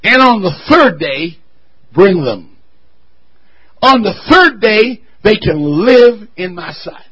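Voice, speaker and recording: A man preaching a sermon to his church, swelling to loud shouts and dropping to quiet asides. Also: high-pitched, sing-song, slow, husky, rough recording. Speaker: pastor.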